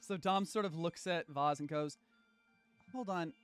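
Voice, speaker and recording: A man playing a tabletop role-playing game, narrating his character's actions in animated chat and laughing often. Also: a little high, moderate pace, over music. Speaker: player.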